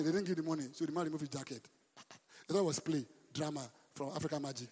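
A man preaching a sermon as a pastor. He speaks with lively emphasis, throws questions at the congregation and breaks into sudden shouts. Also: a little high, quick pace, slightly rough. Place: church hall. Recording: long reverb of a large hall.

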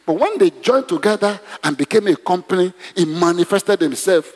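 A man preaching a sermon, animated and exclamatory, leading the congregation in prayer. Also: high-pitched, moderate pace. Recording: long reverb in a hall.

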